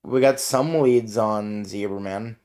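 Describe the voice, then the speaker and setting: A tired man taking part as a player in a casual tabletop game, speaking in a low-key, unhurried way. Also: a little mellow.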